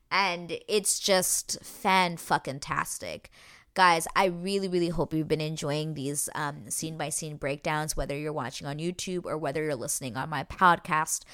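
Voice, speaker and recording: A woman with a low voice hosts a casual podcast recap. She gushes and rambles with plenty of fillers, emotional about every scene she retells. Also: a bit bright. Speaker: podcast host. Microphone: podcast microphone.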